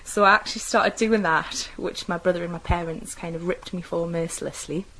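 A young woman from North East England speaks with a softened Geordie accent in a slightly low register. She recalls her own life in an easygoing, rambling way, peppering her speech with fillers and stopping to fix her own words. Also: steady tone, fairly quick, noisy background. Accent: mild Geordie. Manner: chatty, with frequent fillers and self-corrections. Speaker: interviewee describing her own dialect. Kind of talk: casual personal recollection.

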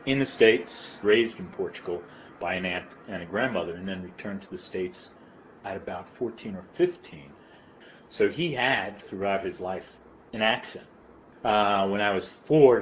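Low-voiced man with a mild Long Island accent. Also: slight background noise. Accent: mild Long Island New York. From Long Island, New York. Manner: relaxed, rambling, with fillers and soft laughs. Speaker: interviewee. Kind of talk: casual reminiscing. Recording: slightly dull recording with faint room ambience.

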